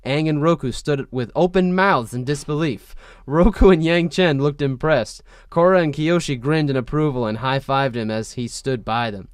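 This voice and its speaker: Man giving a smooth, mock-dramatic comedy reading. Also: on the high side, moderate pace, few pauses, no room sound, clean studio sound. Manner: reads aloud with mock-dramatic character voices, laughing at the text. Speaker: podcast host reading fan fiction aloud.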